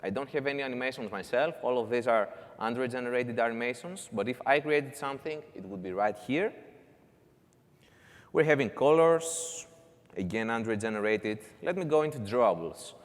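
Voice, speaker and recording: A man's voice: mid-range voice, lively intonation, moderate pace, big-room sound. A man giving a conference talk, walking through a live demo step by step with casual asides. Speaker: conference speaker. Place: conference hall.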